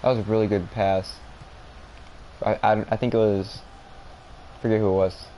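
A low-pitched man reacts out loud to a football video game he is playing. He exclaims at passes and tackles, groans at bad plays, and pokes fun at his own mistakes. A faint noise hums under his voice. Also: flat delivery, moderate pace. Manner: self-mocking about his play. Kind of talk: live gameplay commentary.

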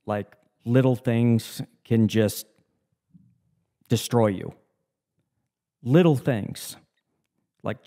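A man's voice: medium pitch, dark tone. A man co-hosting a podcast, talking in an earnest, reflective, motivational way in casual chat. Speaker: podcast co-host.

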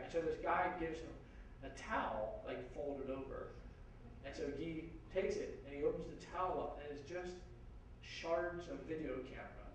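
A man speaking as a guest at a university forum, telling an anecdote in a lively way and acting out the voices of the people in it, with many "like"s and "you know"s. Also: fairly high pitch, normal speed. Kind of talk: animated anecdote storytelling. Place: university lecture hall. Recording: very echoey hall from far off, faint noise.

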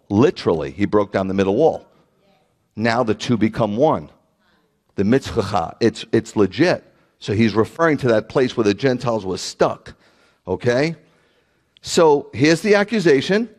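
A man preaching a sermon as a rabbi, animated and mocking the voices of his critics. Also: mid-range voice, big-room sound.

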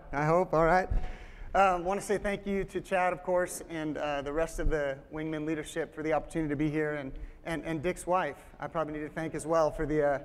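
A man's voice: on the high side, clean tone, big-room sound. A man in his forties giving a sermon as guest speaker, opening with humorous family stories and often restarting his sentences. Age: 40s. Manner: joking, storytelling, frequent restarts.

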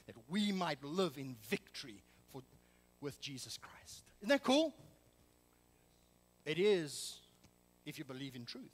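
A man's voice: fairly high pitch, long reverb tail, rough recording. A man preaching a sermon as pastor, emphatic and full of rhetorical questions. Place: church sanctuary.

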